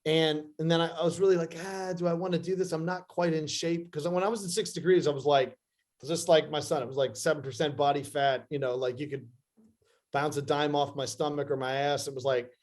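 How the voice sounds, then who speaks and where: High-voiced animated middle-aged man. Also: a little fast. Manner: animated, profane, quotes people in voices. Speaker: actor guest. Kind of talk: casual interview storytelling.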